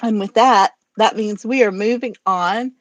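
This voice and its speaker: Hosting a live poetry stream, a woman with a medium-pitched voice explains the rules in a chatty, rambling way. She talks a little slowly and laughs easily, and the recording has no echo.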